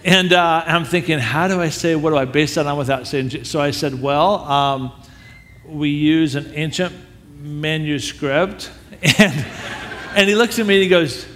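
A man telling a story as a sermon, animated and acting out the people he quotes. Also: on the high side, measured pace. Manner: animated storyteller who acts out quoted voices. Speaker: speaker telling a story to a church audience. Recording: long hall reverb.

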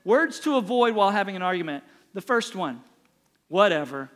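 A man's voice: high voice, expressive, fairly quick, fairly bright tone. A middle-aged man preaching a sermon as pastor, emphatic and repeating phrases for punch.

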